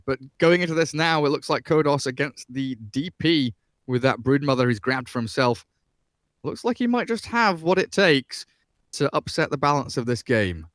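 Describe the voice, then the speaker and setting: A man's voice: medium pitch, no room sound. Man casting an esports draft, dry mic. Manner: analytical, explains drafts at length. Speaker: esports caster. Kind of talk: casual game commentary.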